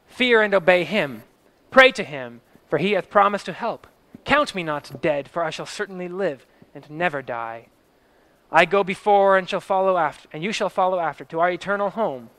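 A man's voice: sits high, fairly bright tone, voice pushed up. A man voicing a fervent, devout pastor. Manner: solemn, fervent blessing. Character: devout, steadfast male pastor facing death.

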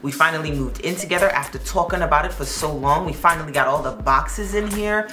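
A woman voicing a cautious young woman, a girlfriend in a narrated story, in her own low voice. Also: a little fast, pushed and bright, echoey room, soft background music. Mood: relieved. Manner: wary, questioning.

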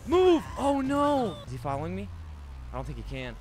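A young man giving casual gameplay commentary as a streamer. He talks to himself, gets excited fast and yells out in bursts. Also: a little high, a little hiss or hum. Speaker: gaming streamer. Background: background music.

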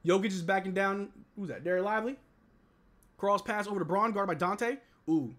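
A young man streams a live watch-along and calls each play for his chat. His voice sits high and comes across bright and forward, and he keeps a running play-by-play that jumps from low muttering to excited yelling. His voice is strained and going hoarse. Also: fairly quick. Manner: hypes and shouts at big plays, mutters between.

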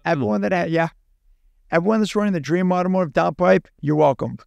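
A man with a gravelly, fairly high voice tells a story as a podcast guest. He acts out each exchange in quick animated bursts. The mic is close and dry. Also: no room sound, muffled recording. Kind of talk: casual storytelling.

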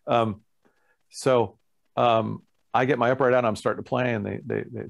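A man who is a guest musician, telling an animated story in a casual interview and acting out other people's lines. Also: medium pitch, brisk, vocal fry.

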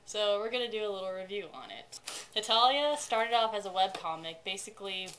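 A woman's voice: mid-range voice, lively intonation, brisk, fairly bright tone, a little hiss or hum. A woman co-hosting a casual anime review in a chatty, rambling way, swearing now and then. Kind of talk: casual co-hosted review chat.

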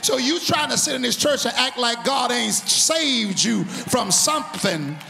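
A male pastor preaching a sermon in a large church. He shouts and rises into a sung cadence. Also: very high-pitched, lively intonation, normal speed, vocal fry. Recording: reverberant church hall, organ and crowd.

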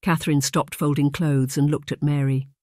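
A man narrating an audiobook in a steady, measured reading. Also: on the high side, no room sound, studio quality.

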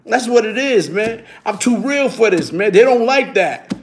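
A man's voice: high voice, normal speed. A man, telling casual stories on his stream and tossing in "you heard?" all the time. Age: 50s. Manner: animated, keeps adding "you heard?". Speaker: YouTube streamer. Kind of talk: casual storytelling.

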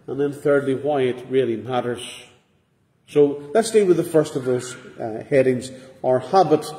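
A middle-aged man preaching a sermon in a measured, earnest way, with pauses. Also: a little high, warm tone. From Northern Ireland. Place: church. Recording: echoey hall with long reverb.

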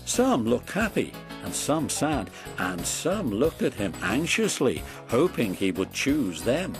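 A man narrating a children's story in a slow, animated reading. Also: mid-range voice. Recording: dry close recording with soft music.

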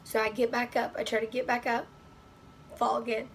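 A woman vlogs from her bedroom in a hoarse, nearly gone voice that sits a little high. She rambles with lots of fillers and keeps slipping into breathy whispers. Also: little pitch movement, a little fast, slight background noise, poor audio. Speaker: vlogger. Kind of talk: casual talk to camera.

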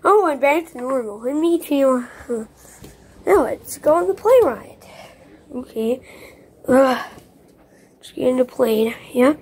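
A woman's voice: high-pitched, lively intonation, slow, pauses often, a little mellow, breathy edge. A girl narrating her toy play in a rambling, playful way. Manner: rambling, playful, voices toys. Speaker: video maker playing with toys. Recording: noisy home recording.

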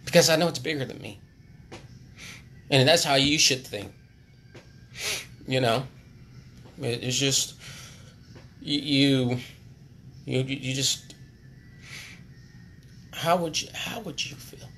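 A man who sells cars, speaking unscripted on a charity livestream, earnest and repetitive, sometimes dropping to a hush. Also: medium pitch, takes it slowly, long pauses, slight background noise. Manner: earnest, repetitive, preachy, drops to hushed tones. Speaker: car salesman on a charity livestream. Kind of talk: impromptu motivational appeal.

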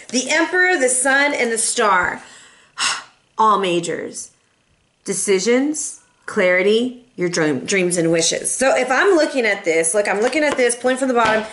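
A woman's voice: on the high side, fairly bright tone. Sassy, chatty woman reading tarot. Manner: chatty, sassy, addresses viewers as boo and y'all. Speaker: tarot reader.

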